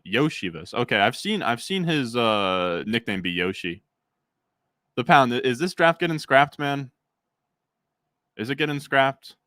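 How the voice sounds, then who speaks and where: A man's voice: medium pitch, animated, a little slow, long pauses, fairly bright tone, clear, resonant tone, no room sound. A young man streaming a fantasy football draft, chatting casually with his chat and rambling through fillers.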